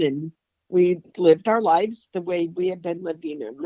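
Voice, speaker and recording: A middle-aged woman answering interview questions candidly, reflective and halting, with frequent restarts. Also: on the low side, a little mellow, dry recording, muffled recording. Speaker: guest sharing her testimony.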